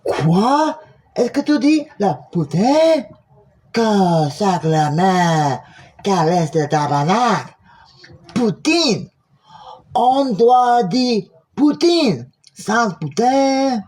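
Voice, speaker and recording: A man putting on an excitable, swearing Quebecois man with a Quebec French accent, exclamatory and drawn out. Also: medium pitch, gravelly, husky, exaggerated voice. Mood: indignant. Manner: exclamatory, cursing, drawn-out words.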